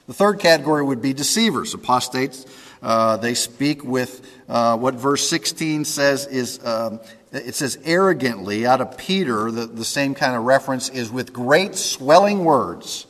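A male pastor preaches a sermon in an easy, conversational style, often pausing to check his listeners are following. His middle-pitched voice is expressive, measured, and a bit bright, and a long reverb from a large hall surrounds it.

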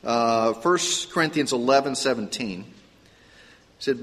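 A male pastor giving a conversational sermon, telling stories with lively asides. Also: mid-range voice, moderate pace, long reverb tail.

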